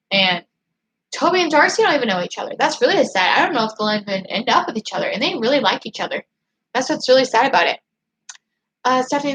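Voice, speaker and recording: A woman hosting a casual livestream, chatting and reading viewer comments aloud. She rambles excitably, restarting her sentences often. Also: medium pitch, low-quality recording. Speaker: YouTube channel host.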